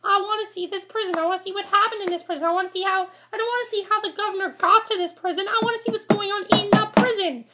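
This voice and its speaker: A woman's voice: very high-pitched, quick pace, few pauses, very noisy. A woman giving a casual, exasperated review rant to camera, rambling and repeating herself. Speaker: vlogger reviewing a TV episode.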